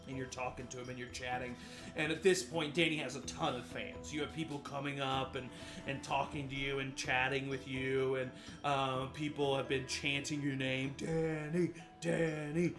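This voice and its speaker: A man's voice: medium pitch, level tone, moderate pace. A man narrating a tabletop game as game master, with many ums and uhs and easy laughter. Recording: faint music in the background.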